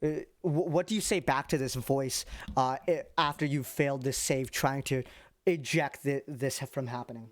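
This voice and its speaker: A man narrating as game master of a tabletop game, talking casually and haltingly, with many fillers. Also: medium pitch.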